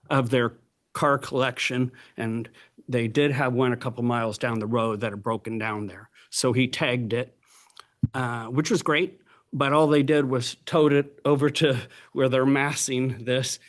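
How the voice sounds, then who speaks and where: A man speaking as a public commenter at a county board meeting, telling his complaint in a plain, conversational way with fillers and restarts. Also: mid-range voice.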